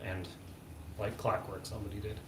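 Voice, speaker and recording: A man's voice: fairly low pitch, flat delivery, normal speed. A man co-hosting a home livestream, chatting casually in a dry, wry way and reading out viewer comments. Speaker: livestream co-host reading chat. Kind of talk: casual chat. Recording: echoey room with clear background noise.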